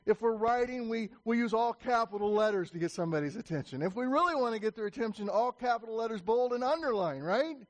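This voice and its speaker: A pastor with a strikingly high voice delivers an emphatic sermon, stumbling through quick restarts before driving his points home. He raises his voice now and then to call out to the congregation.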